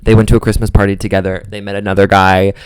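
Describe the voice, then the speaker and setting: A young man co-hosting a podcast, telling a long story in a campy, animated way and often acting out quoted voices. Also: lowish voice, fast talker, clear, resonant tone, no room sound, studio quality. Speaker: podcast co-host. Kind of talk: casual chat, storytelling.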